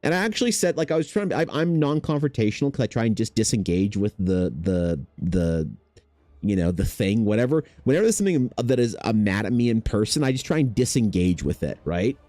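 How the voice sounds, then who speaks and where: A young man chatting casually while drawing on his art stream, telling stories in a rambling, animated way full of fillers. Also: fairly low pitch, fairly quick, no echo. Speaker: artist hosting a drawing stream.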